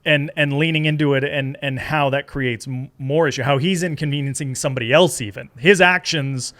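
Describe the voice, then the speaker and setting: A middle-aged man chatting casually as a guest, telling lively stories and slipping into character voices. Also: brisk. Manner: animated storytelling, jumps into high-pitched character voices. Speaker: guest, comedic actor. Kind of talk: casual chat.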